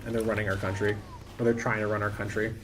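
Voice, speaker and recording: A man's voice: on the low side, flat delivery, fast, music in the background. A man streaming a game, chatting casually and thinking aloud in a rambling, self-interrupting way. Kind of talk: casual live-stream commentary.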